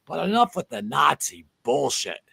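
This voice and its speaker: Male host, gravelly husky voice, foul-mouthed heated rants, casual livestream talk. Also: sing-song, moderate pace, pushed and bright. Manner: profane, heated rants, voice climbing high when angry. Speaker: podcast host.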